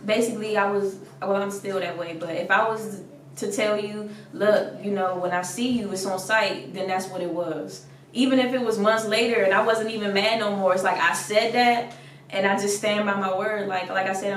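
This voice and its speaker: Far from the mic in an echoey room with faint background noise, a young female rapper from the DC area talks with a mid-range voice. The casual interview finds her blunt, quick to laugh, and fond of saying "like."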